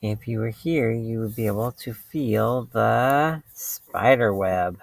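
A male teacher reading a picture book aloud to young children, slow and expressive, with playful voices for the animals. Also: fairly low pitch, creaky, no echo.

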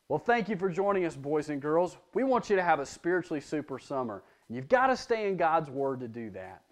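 Animated man preaching to children. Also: fairly high pitch, fairly quick, few pauses. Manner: lively storytelling, addressing children directly; prays aloud. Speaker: children's church leader. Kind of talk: children's sermon.

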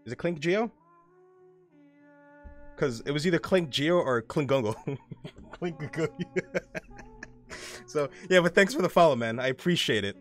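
Young man, live streamer, lively swinging pitch, fairly high voice, rambling and swearing, faint music behind. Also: a little slow, long pauses. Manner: rambling, animated, swears often, reads chat aloud. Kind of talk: casual live-stream chat while gaming.

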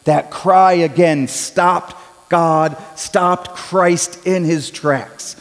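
Man, high voice, pastor preaching sermon, long hall reverb. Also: fairly even intonation, extremely slow. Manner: conversational preaching, rising to loud when acting out cries.

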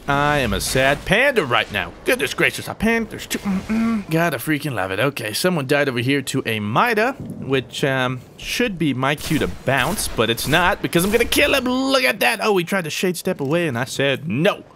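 A young man narrates his match in an animated, joking way, his pitch leaping up and down as he talks to the players around him. His voice sits a little high for a man. A faint hiss runs under the recording. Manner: jokey, animated, talks to opponents and himself. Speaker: gaming YouTuber. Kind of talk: gameplay commentary.

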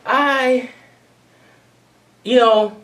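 A woman's voice: on the high side, fairly even intonation, very slow, fairly bright tone. A woman giving a blunt, conversational commentary rant to camera as a video blogger.

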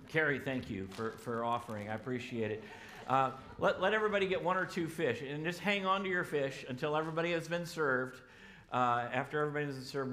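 A man's voice: medium pitch, a bit bright, a little hiss or hum. A man preaching a sermon as a pastor in a church, telling the story casually and acting out the voices of the people in it. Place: church sanctuary.

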